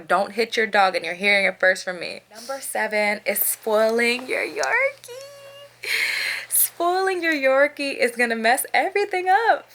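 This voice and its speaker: A young woman from Maryland talks straight to the camera about dog training. She is frank and lively, breaking into short laughs between her points. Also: mid-range voice. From Maryland, USA. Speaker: dog owner vlogger. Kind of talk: casual advice vlog.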